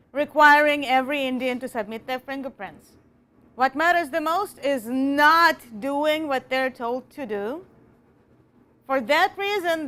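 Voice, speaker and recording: A woman teaching a college writing class, slowing down and stressing key words as she reads example sentences aloud. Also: sits high, fairly bright tone. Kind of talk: classroom lecture.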